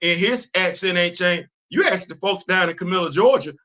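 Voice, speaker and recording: A middle-aged man talks through a casual streamed monologue, circling back and repeating his points emphatic slang. His voice sits high for a man and rings bright and forceful. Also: normal speed. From Bronx, New York, USA. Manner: conversational, repeats and restarts, street slang, emphatic. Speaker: show host. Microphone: streaming setup.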